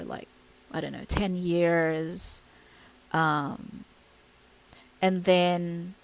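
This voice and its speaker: A woman with a Filipino accent giving casual, blunt advice on interviewing virtual assistants, switching freely between English and Tagalog with plenty of fillers. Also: on the low side.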